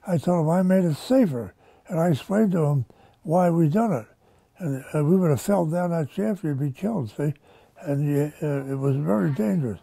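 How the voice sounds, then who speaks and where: An elderly man in his nineties recalls his wartime service in a folksy, rambling way. His voice is gravelly and very dark, a little higher than most men's, and the sound is dry and close. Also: moderate pace, dry recording. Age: 90s. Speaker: war veteran interviewee. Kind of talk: oral-history interview.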